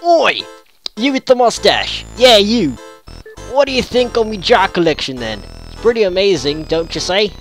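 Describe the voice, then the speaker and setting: A brash, boastful ghost jar collector, put on by a man, taunting in a mock-British voice. He sits far higher than his usual voice and comes out loud and pushy. Video game music plays behind him. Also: lively intonation, measured pace, pauses often. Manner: taunting, exaggerated British slang.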